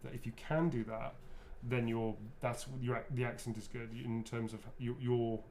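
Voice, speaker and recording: A man's voice: mid-range voice, level tone, normal speed, darkish tone, slight background noise. A man, a voice actor, chatting loosely while signing autographs and answering fan questions, often restarting his sentences. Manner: rambling, self-correcting, chatty.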